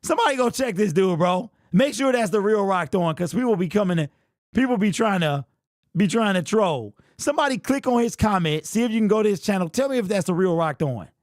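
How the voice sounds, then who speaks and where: Excitable high-voiced man hosting a livestream. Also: a little fast, no echo, clean studio sound. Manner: excitable, slangy, talks straight to the chat with lots of "bro". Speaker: livestream postgame show host. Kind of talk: casual livestream chat reacting to viewers.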